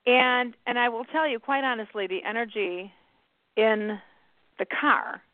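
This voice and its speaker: A woman's voice: a little high, measured pace, dry recording. Chatty woman host on a phone line. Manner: chatty, conversational, many fillers. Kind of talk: casual talk radio chat. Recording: thin phone line, dry.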